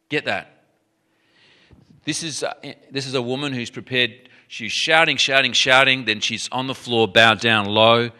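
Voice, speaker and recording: A man preaching a sermon in an animated, emphatic way, often restarting his sentences. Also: medium pitch, measured pace.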